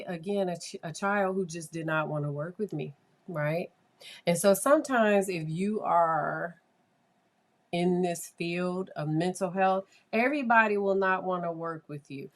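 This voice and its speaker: A woman's voice: lowish voice, measured pace. A woman psychologist telling a casual, rambling story, with many fillers and acted-out quotes. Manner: conversational, rambling, with frequent fillers and quoted dialogue. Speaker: child psychologist.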